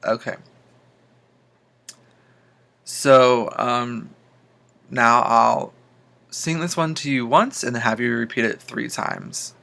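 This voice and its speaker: A man working as a speech therapist, recording homework and giving calm plain instructions between slowly sung practice phrases. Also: medium pitch, creaky.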